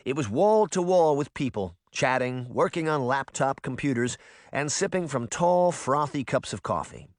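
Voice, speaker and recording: Expressive male audiobook narrator. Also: medium pitch, no echo, studio quality. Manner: expressive reading. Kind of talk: scripted narration.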